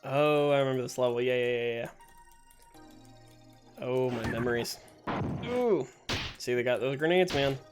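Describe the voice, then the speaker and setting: A gameplay streamer with a middling-pitched voice gives casual let's-play commentary into a desk mic, chatty and joking, often laughing at his own mistakes. Game music and bursts of gunfire play behind him as he talks at normal speed, pausing often.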